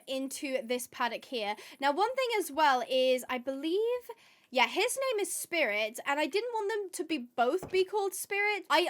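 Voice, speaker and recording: High-voiced excitable woman gaming host. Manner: excitable and chatty, gasping with delight. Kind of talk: casual gameplay commentary.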